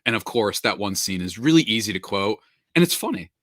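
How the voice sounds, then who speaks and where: A man hosting a casual podcast, speaking in a lowish register that still comes across bright and forward. He is laid-back and joking, with plenty of ums, and the close mic gives a dry sound. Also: lively intonation, fairly quick, dry recording. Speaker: podcast host.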